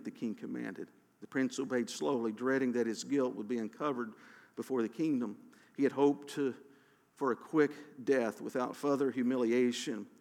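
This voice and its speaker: A man reading a story aloud in a steady, dramatic manner, with a few restarts, recorded with a long hall reverb. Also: medium pitch.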